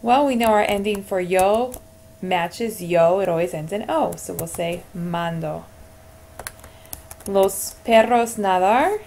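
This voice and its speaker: A woman's voice: on the low side, steady tone, measured pace, creaky, a little mellow, slight background noise. A woman teaching Spanish verb endings in a screencast lesson, encouraging and talking her students through each answer as she types. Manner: encouraging, talks through typing.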